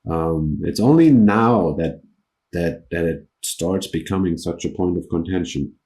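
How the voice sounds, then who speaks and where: Low, mellow-voiced man interviewing. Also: animated, a little slow. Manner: hesitant, with many restarts and ums. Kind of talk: conversational interview.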